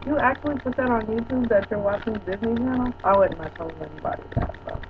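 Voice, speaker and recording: A woman's voice: fairly high pitch, fast, lo-fi sound, background noise. A woman in her forties chatting casually to viewers on a webcam at home, rambling and teasing. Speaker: vlogger. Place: at home indoors.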